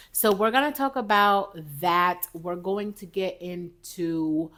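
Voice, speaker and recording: A woman hosting a casual motivational podcast. She is chatty and lively, talks straight to her viewers and sips coffee as she goes. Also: lowish voice, slow pace, few pauses. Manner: sips coffee while talking. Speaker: podcast host.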